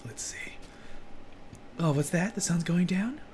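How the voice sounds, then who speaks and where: A gaming commentator giving excitable let's play commentary, jumping from yelps to low mutters and laughing often. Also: measured pace, a little hiss or hum.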